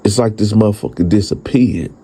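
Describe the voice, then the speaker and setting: A man telling his own story in a casual, profane, animated way, speaking straight to his listeners. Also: fairly low pitch, fairly quick, slightly rough.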